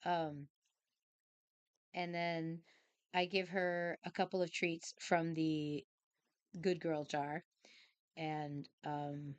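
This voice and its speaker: A woman's voice: sits low, dry recording. A woman chatting casually as a streamer, playful, giggly and rambling. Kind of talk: casual chat.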